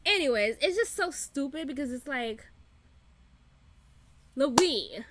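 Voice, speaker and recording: Woman, fairly high voice, casual reaction commentary, emphatic, repeats herself, laughs a lot, swears freely. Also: animated, normal speed, fairly bright tone. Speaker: reaction channel host.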